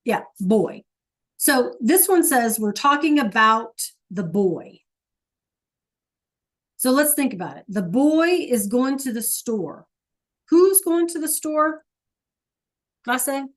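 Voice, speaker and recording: A woman with a fairly high voice leads an online class as a teacher. She talks patiently and coaxingly and keeps firing questions at her students. Her voice comes through a computer mic on a video call. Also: animated, takes it slowly, pauses often. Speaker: Spanish teacher.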